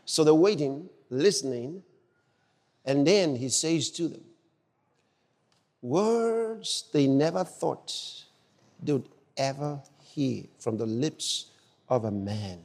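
A man preaching a sermon with exuberant shouted exclamations and dramatic storytelling. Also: a little high, lively intonation, very slow, long pauses, big-room sound.

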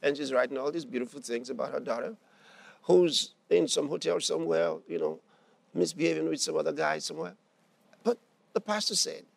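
High, gravelly-voiced man preaching. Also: dry recording. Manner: animated, acts out the characters' lines in the story; repeats phrases for emphasis. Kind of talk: sermon storytelling.

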